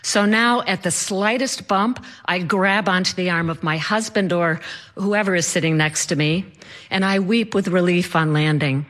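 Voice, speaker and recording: A woman's voice: on the low side, normal speed, fairly bright tone. A woman telling a personal story in a wry, self-mocking way.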